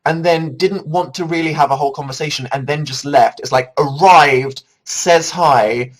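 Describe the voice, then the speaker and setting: Reading viewer comments on a casual livestream, a man jokes around, rambles and runs himself down. His voice is fairly high and he talks at normal speed, with rough recording quality.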